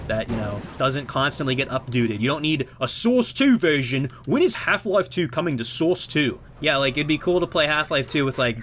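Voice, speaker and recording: A young man giving casual gameplay commentary as a YouTuber, excitable and sarcastic, swearing often. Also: mid-range voice, a little hiss or hum. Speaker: gaming YouTuber.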